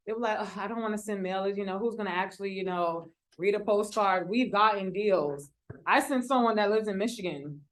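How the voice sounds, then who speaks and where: A woman teaching real estate wholesaling at a live workshop, talking casually with slang and acted-out quotes of the people she deals with. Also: medium pitch. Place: room with a live audience.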